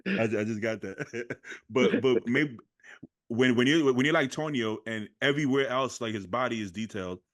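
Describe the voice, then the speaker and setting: A man's voice: medium pitch, normal speed, fairly bright tone, dry recording. A man co-hosting a podcast, talking things through casually and thinking aloud as he goes. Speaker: podcast co-host. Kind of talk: casual chat.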